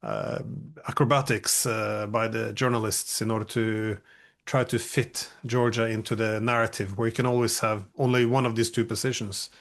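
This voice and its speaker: Host guy, calm and measured, bit wry. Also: on the low side, vocal fry. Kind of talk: interview talk.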